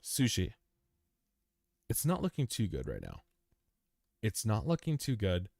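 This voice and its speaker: A young man hosts a crypto chart analysis livestream in a lowish, dark voice with wildly swooping pitch, vocal fry, and an unhurried pace. The studio-quality recording has no room sound. He chats casually through price charts, repeats phrases, talks to the chart as "you," and calls listeners "man," "dude," and "bro."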